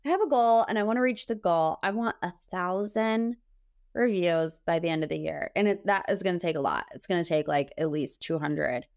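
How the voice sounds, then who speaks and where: A young adult woman hosting a podcast, recapping reality TV in a chatty, animated way full of gossipy asides. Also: on the low side, moderate pace. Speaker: podcast host. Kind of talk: casual pop-culture recap.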